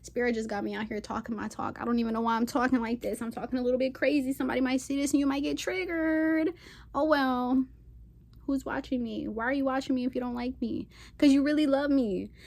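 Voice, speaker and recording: A woman's voice: fairly high pitch, fairly even intonation, fast, a little mellow. A woman hosting a spiritual channel, ranting to camera in a sassy, defiant way with casual slang and emphatic repeated phrases. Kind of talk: impassioned unscripted rant to camera.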